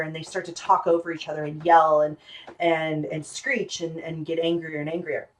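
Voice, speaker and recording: A woman's voice: on the low side, recorded from a distance, poor audio. Chatty woman teaching music at the piano. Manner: chatty, many ums and restarts, playful asides. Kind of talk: casual music lesson at the piano. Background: piano playing.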